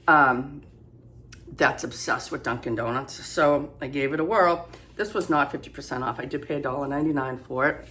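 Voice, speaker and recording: A middle-aged woman with a New lilt talks through her thrift finds from her kitchen, rambling, self-deprecating and chatty. Her speaking voice sits notably low for a woman, and she wanders from one aside to the next. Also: moderate pace, fairly bright tone, slight background noise. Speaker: thrift reseller vlogger. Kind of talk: casual haul vlog. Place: home kitchen.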